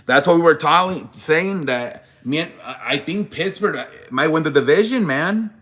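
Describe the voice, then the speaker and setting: A man's voice: a little high, animated, measured pace, a bit bright. A young man hosting a live sports show, chatting casually with viewers, rambling and swearing when worked up. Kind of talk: casual live-stream chat.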